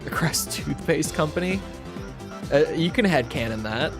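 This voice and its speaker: A man's voice: fairly high pitch, expressive, a little slow, over music. Sarcastic young man streaming a game. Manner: sarcastic, nitpicking, chatty. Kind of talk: casual gameplay commentary.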